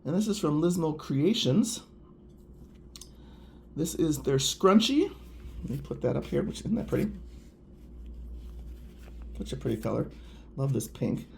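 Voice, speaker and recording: A man's voice: a little high, big pitch swings, measured pace, gravelly, pauses often, a little mellow, a little hiss or hum. A man chatting casually and enthusiastically to viewers while reviewing products. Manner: gushing, chatty, addresses viewers directly. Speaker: nail polish reviewer.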